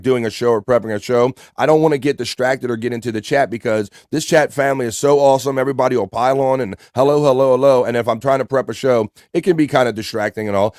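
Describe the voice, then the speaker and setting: A man's voice: medium pitch, a little mellow, dry recording, clean studio sound. Upbeat East Coast man hosting a livestream. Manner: upbeat, greets chatters by name. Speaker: livestream host. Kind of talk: casual livestream chat, reading chat messages aloud.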